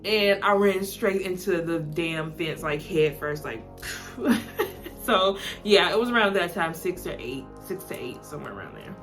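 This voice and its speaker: A woman's voice: on the low side, lively intonation, unhurried, fairly bright tone, faint music behind. A young woman with a Southern American accent, rambling casually through a get-to-know-me video, with lots of "like" and frequent laughs. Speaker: vlogger.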